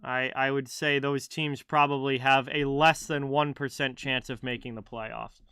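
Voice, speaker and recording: A man's voice: medium pitch, level tone, a little slow, sharp tone, clean tone, no room sound. A man hosting a live hockey stream, chatting casually about the standings and answering viewers by name. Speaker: livestream hockey host. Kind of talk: casual live-chat commentary.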